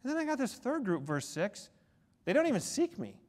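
Animated, high-voiced male pastor preaching. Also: big-room sound. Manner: animated storytelling, quick shifts between soft and loud. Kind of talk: sermon. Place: church sanctuary.

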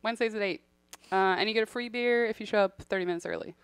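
A woman comedian guesting on a podcast talks in a relaxed, wry, easygoing way. Her voice is mid-pitched, recorded dry and close. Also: very fast, clear, resonant tone, dry recording. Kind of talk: casual comedy chat.

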